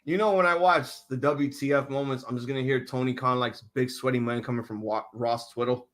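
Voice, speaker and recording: A man hosting a casual wrestling reaction chat, excitable and profane, often restarting his sentences. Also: medium pitch, brisk. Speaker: podcast host.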